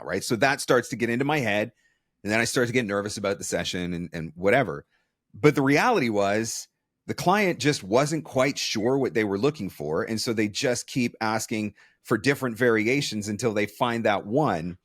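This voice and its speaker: A man's voice: lowish voice, lively intonation, a little fast, dry recording, studio quality. A man hosting an interview, talking candidly and with self-deprecating humor. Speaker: podcast host. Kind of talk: conversational interview.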